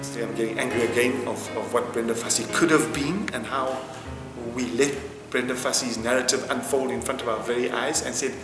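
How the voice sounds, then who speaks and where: A man's voice: medium pitch, steady tone, brisk. A man being interviewed, speaking with passion and emphasis and repeating phrases to drive his point home. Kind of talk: impassioned interview answer. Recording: roomy hall with long reverb, faint music.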